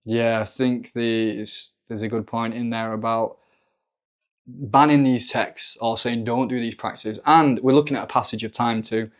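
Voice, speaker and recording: Male podcast guest with an even, flat delivery, musing at length in loose casual talk. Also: medium pitch, normal speed. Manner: thoughtful, rambling with fillers. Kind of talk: casual spiritual discussion.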